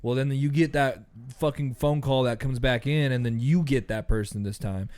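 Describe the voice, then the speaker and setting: A man's voice: mid-range voice, moderate pace, a little mellow. A young man co-hosting a podcast in loose, profane casual chat, acting out angry callers. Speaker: podcast co-host.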